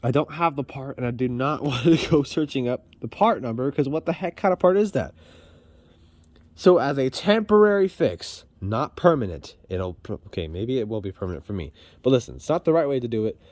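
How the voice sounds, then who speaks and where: Speaking fairly quickly with lively intonation, a man with a medium-pitched, slightly mellow voice chats while fixing a car in his garage. He films on a handheld phone and rambles self-deprecatingly; there's no room sound.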